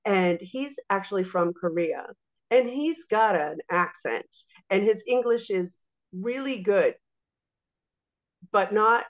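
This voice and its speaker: Wanita bercerita dengan hidup, audio redup. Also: female voice, medium pitch, takes it slowly. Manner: animated storyteller, acts out quotes. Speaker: guest, music teacher and entrepreneur. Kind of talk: casual interview chat. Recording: dull lo-fi audio.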